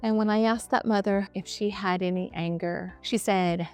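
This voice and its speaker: A middle-aged woman, a comedian and filmmaker, telling her own story to camera in an earnest, lively way. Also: medium pitch, normal speed, few pauses, smooth, soft background music. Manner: earnest, lively storyteller who acts out quoted voices.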